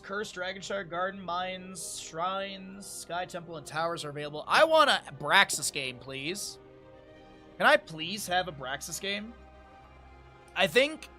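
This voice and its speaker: A man's voice: high-pitched, bright, forceful tone. A young man casually commentating a live esports tournament stream, chatty and rambling with lots of fillers, sounding a bit sleepy.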